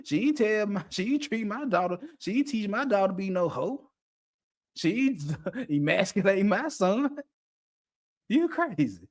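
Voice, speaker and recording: A man's voice: high-pitched, big pitch swings, takes it slowly. A man hosting an unscripted monologue, blunt and profane, laughing often as he talks. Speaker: podcast host.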